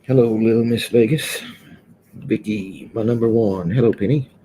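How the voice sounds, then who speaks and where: A man's voice: fairly low pitch, moderate pace, mellow, slight background noise. A man hosting a casual livestream, chatting loosely and greeting viewers one by one from an indoor room. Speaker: livestream host. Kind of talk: casual live chat with viewers.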